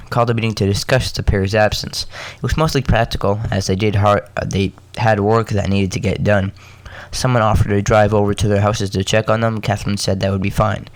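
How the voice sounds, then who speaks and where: Male podcast host reading a story, low voice, dry close sound, stumbles and self-corrects. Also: dry recording. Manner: halting, self-correcting, joking asides between coughs. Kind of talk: casual story reading with asides.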